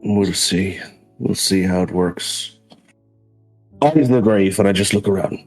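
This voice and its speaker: A man's voice: low-pitched, measured pace, soft background music, poor audio. A man playing a tabletop game, joking casually in character. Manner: jokey, relaxed. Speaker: tabletop player.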